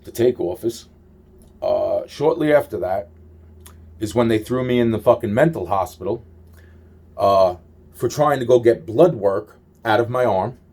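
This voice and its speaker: Low-pitched man, rambling rant, constant swearing, exasperated, sighs between thoughts. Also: measured pace, long pauses, a little mellow, slightly rough. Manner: trails off with repeated sighs of "wow". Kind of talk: rambling personal monologue.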